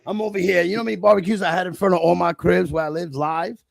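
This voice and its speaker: A middle-aged man, talking fast and loose in casual chat, swearing freely and acting out stories. His voice sits high and gravelly. The sound is dry and close. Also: no echo. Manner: blunt, profane, animated storytelling. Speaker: livestream host.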